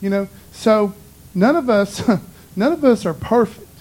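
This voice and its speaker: A man's voice: high voice, expressive, measured pace, a little mellow, poor audio. A man giving an informal, conversational sermon in a folksy way, often dropping "man" and "you know". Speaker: preacher.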